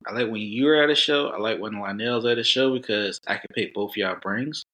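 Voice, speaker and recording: A man's voice: fairly low pitch, fairly quick, pushed and bright. A man who is a comedian, chatting casually in slang and acting out what people said to him. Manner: loose, slangy storytelling with voiced asides. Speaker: comedian guest. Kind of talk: casual chat.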